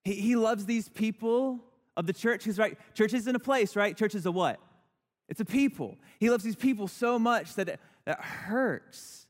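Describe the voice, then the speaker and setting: A man's voice: sits high, normal speed. A man, preaching a sermon in a conversational, earnest way and putting questions to the congregation. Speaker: pastor. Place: church sanctuary. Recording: church hall reverb.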